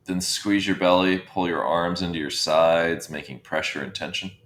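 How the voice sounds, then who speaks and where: A man leading a guided breathwork session, giving calm coaching cues and counting breaths. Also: low voice, normal speed, a little hiss or hum. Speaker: breathwork instructor. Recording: roomy echo.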